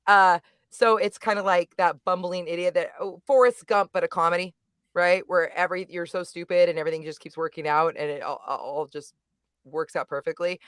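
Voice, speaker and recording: A middle-aged woman chats through a movie review with animated emphasis, often circling back to restate her point. Her voice is smooth and resonant, recorded close and dry. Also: on the low side, brisk, no echo. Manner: animated, emphatic, rambling with self-corrections. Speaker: guest reviewer. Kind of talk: casual livestream movie review chat.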